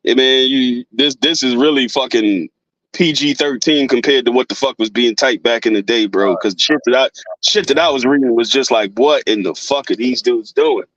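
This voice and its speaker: A man's voice: mid-range voice, moderate pace, fairly bright tone, no room sound, lo-fi sound. A man talking in a casual, earnest way as a guest, cursing freely and repeating himself as he makes his point.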